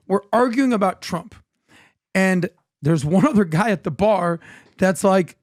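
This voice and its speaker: A man's voice: sits high, moderate pace, no echo, studio quality. A man co-hosting a political podcast, telling anecdotes and acting out the dialogue in them. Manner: animated anecdotal storyteller, acts out dialogue. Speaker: podcast co-host.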